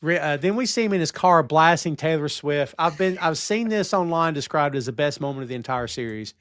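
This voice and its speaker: A man's voice: a little high, a little fast, dry recording. A man hosting a casual review podcast, recapping scenes and acting out the characters' lines as he goes. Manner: animated recapping, acts out quoted lines. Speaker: podcast host.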